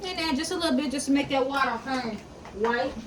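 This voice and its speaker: Speaking fairly quickly in a high-pitched voice, this home cook walks her viewers through a casual tutorial and calls them "y'all" and "baby." Background noise runs through the clip.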